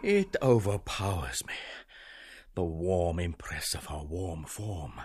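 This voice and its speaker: A man's voice: sits low, lively intonation, takes it slowly, darkish tone, husky, heavily acted. An actor playing an abject, self-reproaching man who confesses fervently in a radio drama. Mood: confessional.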